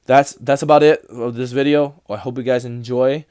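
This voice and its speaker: Smooth young man telling a rambling story. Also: mid-range voice, fairly even intonation, normal speed, a little mellow, no echo, clean studio sound. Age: young adult. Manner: rambling, many restarts and quoted dialogue. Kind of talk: casual storytime.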